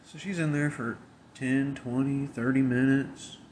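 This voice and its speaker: A man's voice: medium pitch, fairly even intonation, measured pace, darkish tone, slight background noise. Blunt, profane man telling a story. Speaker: convenience store worker. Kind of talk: casual storytelling.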